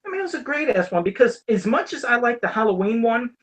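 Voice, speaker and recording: A man's voice: very high-pitched, sing-song, fast, fairly bright tone. A man hosting a podcast in casual chat, rambling, laughing often and swearing casually. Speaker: podcast host.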